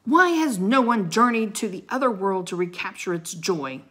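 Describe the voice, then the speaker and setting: A woman voicing a mocking armored male knight who booms his commands. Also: unhurried, lightly acted. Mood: booming. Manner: booming, commanding.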